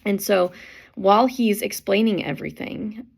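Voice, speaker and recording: A woman's voice: medium pitch, normal speed, vocal fry, slightly rough. A woman teacher casually summarizing a book chapter, chatty and full of fillers, acting out quotes as she goes.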